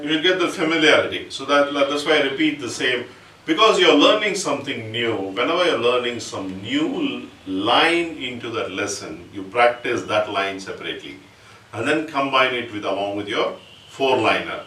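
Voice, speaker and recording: A man's voice: medium pitch, animated, moderate pace, bright, forceful tone, far from the mic. A man giving a percussion lesson, patiently explaining each step and chanting rhythm syllables. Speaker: percussion teacher. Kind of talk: music lesson with spoken syllables. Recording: roomy, from off-mic, with instrument playing.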